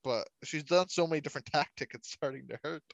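A man co-hosting a podcast, talking in a relaxed, wry way and chuckling at his own jokes. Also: a little high, a little fast, creaky, no room sound. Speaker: podcast co-host. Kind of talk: casual chat.

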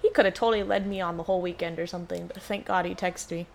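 A woman's voice: on the low side, fairly even intonation, very fast, gravelly, slight background noise. A young woman co-hosting a casual podcast at home, blunt and sweary, full of laughing banter. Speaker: podcast co-host. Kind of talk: casual chat. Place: home, kids and dogs around.

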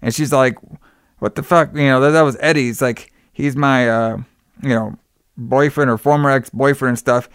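A man's voice: medium pitch, steady tone, moderate pace, clean tone, no room sound, studio quality. A young man casually recapping a film's plot, rambling with lots of "like" and "you know.". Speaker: podcast co-host recapping a film. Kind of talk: casual chat.

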